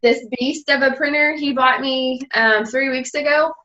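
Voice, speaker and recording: Candid young woman, bright lively voice. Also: sits high, normal speed, dull audio. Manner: candid, rambling storyteller who acts out the people she quotes. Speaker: guest speaker and fitness coach. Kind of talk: personal story on a team call.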